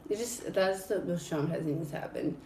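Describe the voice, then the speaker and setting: A woman from Southern California, a podcast guest telling stories in a dramatic, animated way that sometimes trails off sleepily. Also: on the low side, a little fast, distant mic, slight background noise. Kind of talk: casual storytelling chat. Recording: echoey room, away from the mic.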